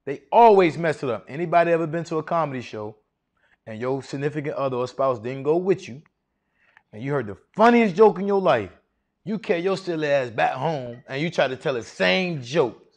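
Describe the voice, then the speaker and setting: Animated man coaching a seminar crowd. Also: fairly high pitch, fairly quick. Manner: animated, preacherly, quizzing the crowd with questions. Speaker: masterclass speaker on federal contracting. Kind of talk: live seminar talk to an audience.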